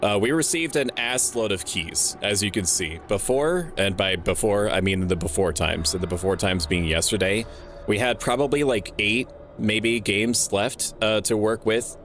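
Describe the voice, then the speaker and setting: A man's voice: lowish voice, moderate pace, fairly bright tone, slight background noise. A young man hosting a charity stream, chatting loosely and jokingly with many fillers. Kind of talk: casual streaming chat.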